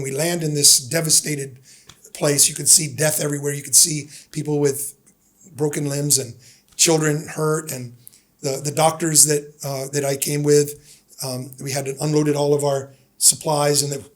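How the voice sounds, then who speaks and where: A fairly high-voiced American man in his fifties talks through his memories as a podcast guest. He tells them casually and animatedly, slipping into the voices of the people he quotes. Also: moderate pace. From United States. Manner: animated storyteller who acts out the people he quotes. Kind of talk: casual storytelling interview.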